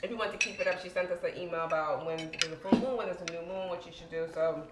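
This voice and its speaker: Chatty low-voiced woman in an echoey room. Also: quick pace, background noise. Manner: chatty, meandering, many fillers. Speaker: co-host. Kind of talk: casual chat over dinner.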